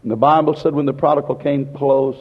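A man with a husky, slightly raised voice preaching with fervour, dropping to a hush and then rising again. His sermon rings through a hall with a long, lingering echo, and the recording sounds dull and lo-fi. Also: medium pitch, fairly even intonation, brisk. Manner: impassioned, repetitive preaching that swings between hushed and loud. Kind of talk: fervent sermon.

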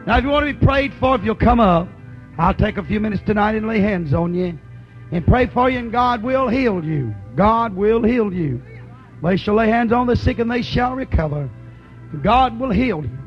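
A man preaching a fervent sermon in a very high-pitched voice, calling out to his congregation. The recording is muffled like an old tape. Faint music plays behind him. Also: expressive, normal speed. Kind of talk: sermon with altar call.

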